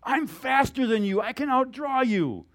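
A man's voice: extremely high pitch, lively intonation, a little slow, a bit bright, pitched above the performer's own voice, heavily acted. A man voicing a brash young gunfighter trying to provoke a fight in a sermon story.

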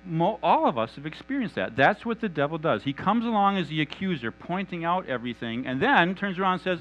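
A man preaching a sermon in an animated, conversational and humorous manner. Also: on the high side, brisk, few pauses, lo-fi sound.

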